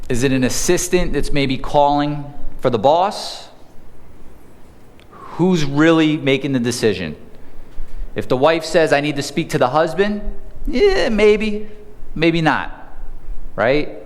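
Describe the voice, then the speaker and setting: Male sales trainer, fairly high voice, punchy live-seminar delivery, long hall echo. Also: unhurried. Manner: energetic, conversational, asks the audience questions. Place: seminar room.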